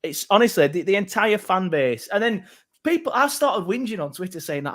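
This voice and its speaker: A man's voice: high voice, sing-song, quick pace, a bit bright. A man co-hosting a football podcast, telling rambling, self-mocking stories. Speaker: podcast co-host. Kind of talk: casual football chat.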